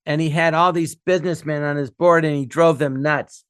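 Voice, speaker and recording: A middle-aged man co-hosting a podcast, telling animated stories and slipping into quick character voices. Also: fairly high pitch, smooth, no room sound, studio quality. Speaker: podcast co-host. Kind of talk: casual chat.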